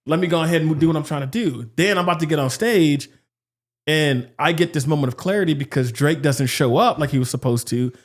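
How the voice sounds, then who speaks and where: Animated man in casual podcast chat. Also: a little fast. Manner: animated, acts out quotes with shifting pitch. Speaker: podcast co-host.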